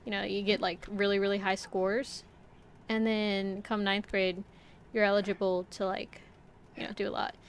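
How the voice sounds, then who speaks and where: A woman's voice: mid-range voice, level tone, moderate pace, slight background noise. A young woman streaming a climbing game, chatting casually and rambling to her viewers, swearing when she gets frustrated. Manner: talks to chat while playing. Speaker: VTuber streamer. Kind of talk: casual gameplay livestream chat.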